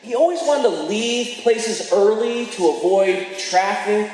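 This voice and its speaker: Man, stand-up comic, high lively voice, echoey hall, long reverb. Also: takes it slowly. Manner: storytelling, acting out his dad and coach. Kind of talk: stand-up bit. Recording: echoey hall with faint noise.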